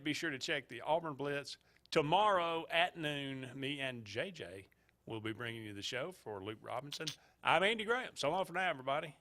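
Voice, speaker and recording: A man's voice: fairly high pitch, pushed and bright. A man co-hosting a sports talk radio show, chatting casually and hesitantly with lots of uhs. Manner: hesitant, many filler uhs.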